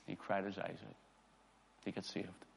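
A man's voice: deep voice, monotone, moderate pace, gravelly, slight background noise. A man preaching a sermon as pastor, reading scripture with emphasis and telling personal stories. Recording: long hall reverb.

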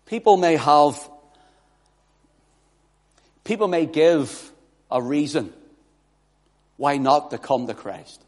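A man preaching a fervent sermon in a church, swinging between loud declarations and hushed pleading. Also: on the high side, takes it slowly, long pauses. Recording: long reverb of a large hall.

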